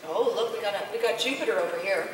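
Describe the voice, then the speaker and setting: A middle-aged woman, a voice actress, telling animated anecdotes at a fan Q&A panel, laughing often and acting out other people's lines. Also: medium pitch, racing. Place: large convention hall. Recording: echoey hall from far off. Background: audience crowd and hall noise.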